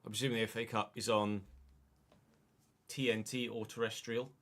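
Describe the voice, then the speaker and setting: A man's voice: lowish voice, little pitch movement, normal speed, a bit bright. A man chatting casually on a live stream, muttering asides to himself and to chat.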